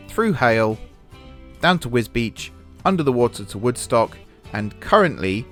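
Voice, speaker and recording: This is a man with a fairly low voice hosting a casual building-game let's-play. He chats and plans out loud as he works. He shrugs off his own blunders with easygoing humor. Soft background music sits under his talk. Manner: chatty, thinking aloud while building; self-deprecating about mistakes. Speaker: gaming channel host.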